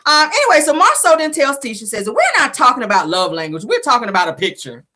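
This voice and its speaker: A sassy woman dishes a reality show recap in casual gossip, laughing often and acting out the quotes. Her pitch swings all over, her tone is bright and sharp, and her voice has a husky edge. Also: big pitch swings, fast.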